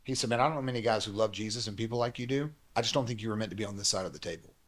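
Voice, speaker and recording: A man, a pastor and guest, telling a personal story quickly and acting out the dialogue he quotes. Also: on the low side.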